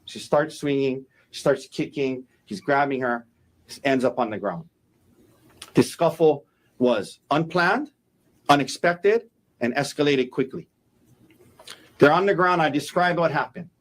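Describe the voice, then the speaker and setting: A man's voice: on the high side, a little slow, long pauses. A man, a defense attorney, giving a courtroom opening statement, emphatic and repeating key phrases for effect.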